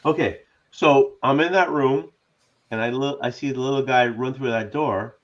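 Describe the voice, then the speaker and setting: A man from New England playing a tabletop game, his voice coming through dull and lo-fi. He talks eagerly and jumps in quickly. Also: mid-range voice. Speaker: player. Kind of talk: casual tabletop play. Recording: dull lo-fi sound.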